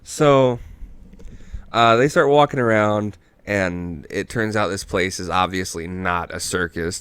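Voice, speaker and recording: A man's voice: lowish voice, fairly bright tone, clean tone, no room sound. A tipsy man hosting a podcast, rambling through a movie recap in casual chat and swearing freely. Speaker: podcast host.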